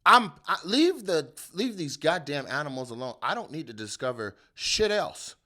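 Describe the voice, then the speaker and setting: A male comedian hosting his own show, riffing on the news in a loud, animated, profane rant. His voice is bright and forceful, and he keeps jumping into exaggerated bits. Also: on the high side, moderate pace. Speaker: comedian host.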